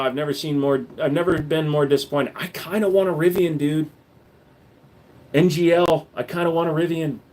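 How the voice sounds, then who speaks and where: A man hosting a casual livestream Q&A, reading chat questions aloud and answering bluntly with loose fillers and profanity. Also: mid-range voice. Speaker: gun channel host.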